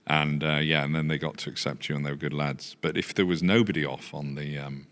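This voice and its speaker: A man's voice: a bass voice, steady tone, fairly quick, a bit bright. An English man with a posh English accent telling stories in a casual chat, laughing often and swearing freely. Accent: posh English, not typical Yorkshire. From England. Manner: storytelling with frequent laughter and swearing. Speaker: podcast guest, business founder.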